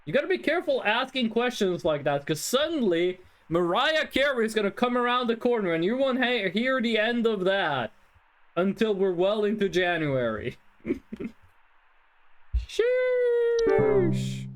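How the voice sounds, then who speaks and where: A streamer giving live game commentary, thinking aloud and swearing in an animated way. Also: medium pitch, normal speed.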